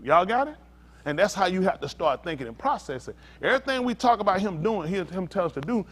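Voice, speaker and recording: A male pastor teaches a sermon in a sing-song voice that constantly rises and falls, sitting slightly high. Animated and casual, he draws listeners in with questions like "y'all understand?", calling out to them and sometimes laughing or shouting.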